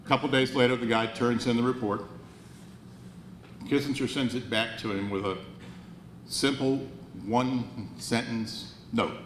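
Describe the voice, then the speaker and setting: A man's voice: medium pitch, steady tone, a little slow, long pauses. A man in his sixties giving a motivational speech at a banquet, earnest and wry, often restarting his phrases. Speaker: banquet speaker. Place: banquet hall. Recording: roomy hall, faint noise.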